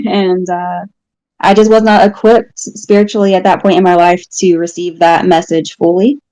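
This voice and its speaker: A woman sits as a guest and tells a personal story in a frank, casual way, chuckling at herself along the way. Her voice is mellow and warm. The recording is dry, with no room sound. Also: fairly low pitch, little pitch movement, moderate pace, no echo, poor audio. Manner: candid, storytelling, laughs at herself.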